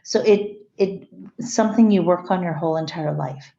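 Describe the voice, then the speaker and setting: A woman's voice: on the low side, normal speed, vocal fry, warm tone. A woman lecturing a class, explaining ideas step by step and often restarting or correcting her wording. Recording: echoey room, slightly dull sound.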